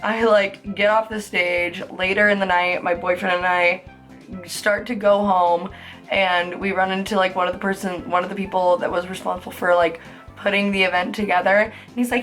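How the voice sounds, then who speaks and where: A woman's voice: medium pitch, flat delivery, normal speed, fairly bright tone, soft background music. Chatty young woman swearing through funny stories. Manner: chatty, filler-heavy, swears freely; laughs while telling stories. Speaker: beauty vlogger. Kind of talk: casual storytelling.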